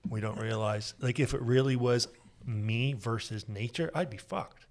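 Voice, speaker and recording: Man, podcast host, reflective, mid-pitched voice, casual talk. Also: moderate pace. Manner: reflective, short agreeing replies. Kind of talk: casual chat. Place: podcast studio.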